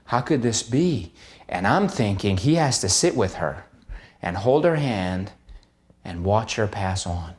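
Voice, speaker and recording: A chiropractor telling a personal story, earnest and vivid, in the present tense, with frequent pauses and fillers. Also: male voice, fairly low pitch, expressive.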